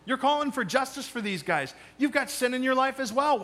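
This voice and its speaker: Bright, high-voiced man preaching a sermon. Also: animated, a little fast. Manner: emphatic preaching, swinging between loud challenges and quiet asides. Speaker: pastor.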